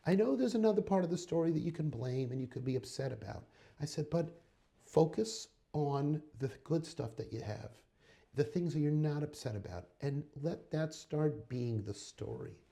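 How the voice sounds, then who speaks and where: A man's voice: a little high, lively intonation, moderate pace, gravelly, dark tone. A man giving a motivational talk, earnestly retelling advice he gave someone, with insistent, repetitive phrasing. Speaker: motivational speaker. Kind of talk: retelling a conversation as a life lesson.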